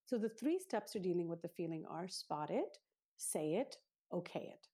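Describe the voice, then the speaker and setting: A woman with a slightly husky, low-pitched voice speaks as a guest in an interview. Her tone is dark and mellow. She lays out her points in an earnest, teacherly way, step by step. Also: lively intonation, moderate pace. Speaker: parenting author, guest. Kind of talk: explanatory interview talk.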